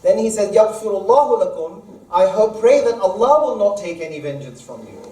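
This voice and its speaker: A man, an imam, leading a Quran study lesson, explaining verses at length and reciting Arabic quickly, recorded in an echoey mosque hall from a distance. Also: high-pitched, very animated, a little mellow. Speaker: imam teaching a study circle. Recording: echoey room, mic far off.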